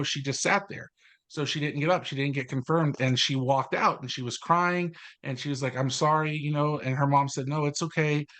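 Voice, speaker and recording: A man co-hosting a faith podcast, talking passionately and fast with storytelling asides. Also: a little high, fairly bright tone. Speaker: co-host, confirmation teacher. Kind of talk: casual podcast chat.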